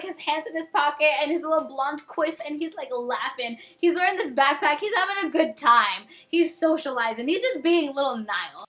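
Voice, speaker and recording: Excitable high-voiced young woman. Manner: excitable, dramatic, gushing fangirl storytelling. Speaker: vlogger. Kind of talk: storytime vlog.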